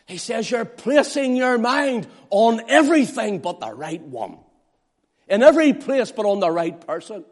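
A man's voice: sits high, very animated, a little slow. Impassioned male preacher. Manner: impassioned, rising and falling between loud appeals and hushed asides. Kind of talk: sermon. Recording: long hall reverb.

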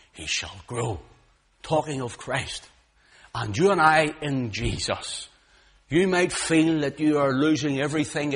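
A male preacher delivering a fervent sermon, dropping to hushed low lines and then rising to loud, raised outbursts, often repeating words as he gets worked up. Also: breathy edge.

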